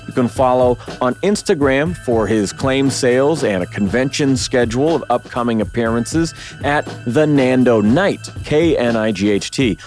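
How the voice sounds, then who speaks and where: A man in his thirties, from Oregon, hosting a podcast in animated, profane casual chat. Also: medium pitch. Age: 30s. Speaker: podcast host and rapper.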